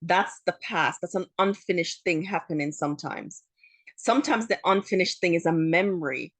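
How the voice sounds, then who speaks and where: A woman's voice: lowish voice, moderate pace, no echo. A woman from Jamaica who works as a therapist, hosting a solo podcast and explaining ideas earnestly, often repeating words as she goes.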